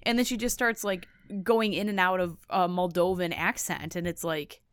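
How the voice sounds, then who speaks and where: A woman co-hosting a casual recap podcast, chatty and animated, with lots of "like" fillers. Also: fairly low pitch, moderate pace, clean tone, dry recording. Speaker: podcast co-host. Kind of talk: casual reality-TV recap chat.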